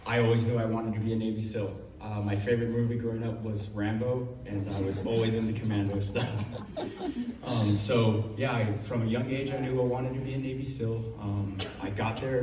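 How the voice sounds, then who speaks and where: A man's voice: on the low side, steady tone, normal speed, mellow. A man veteran giving a personal testimony, hesitant with many fillers and choked up at times. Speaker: veteran speaker. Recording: echoey room, distant mic, faint noise.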